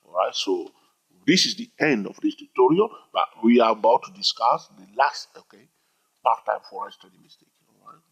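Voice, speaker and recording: A man's voice: medium pitch, lively intonation, normal speed, fairly bright tone, husky. A man teaching about trading in an emphatic, repetitive style, often checking in with "all right?". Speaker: trading educator. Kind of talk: informal teaching monologue. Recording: dull lo-fi recording.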